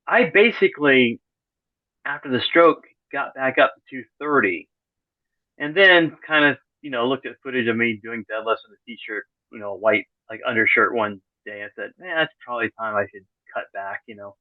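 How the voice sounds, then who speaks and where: A man's voice: mid-range voice, moderate pace, no echo. A middle-aged man, a podcast guest, talks casually in an interview, rambling and correcting himself as he goes, with dry, sarcastic humor. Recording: tinny phone-like call audio.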